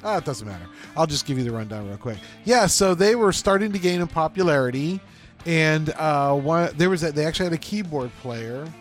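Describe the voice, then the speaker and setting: A man co-hosting a podcast in casual banter, joking and laughing easily. His voice sits a little high and moves around a lot in pitch. He sounds playful and chatty. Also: lively intonation, fairly quick, soft background music. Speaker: podcast co-host.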